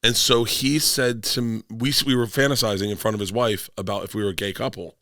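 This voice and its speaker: A man's voice: lowish voice, steady tone, fairly quick, a bit bright, dry recording, clean studio sound. A middle-aged man from Florida, a comedian guest telling rambling stories in casual podcast chat and acting out quotes in bursts.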